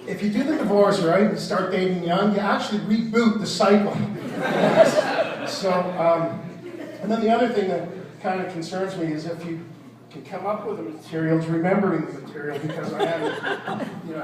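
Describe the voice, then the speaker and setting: A man's voice: sits high, normal speed, very noisy. An older man doing a rambling, self-deprecating stand-up set, trailing off mid-joke. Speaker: stand-up comedian. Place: comedy club stage. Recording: echoey club recording from far off with crowd laughter. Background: audience laughing.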